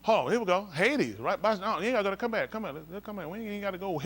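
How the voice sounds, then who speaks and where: A man's voice: high-pitched, animated, quick pace, hardly any pauses, a bit bright. A male pastor leads an informal Bible study, comparing translations and coaxing someone along with repeated "come on.".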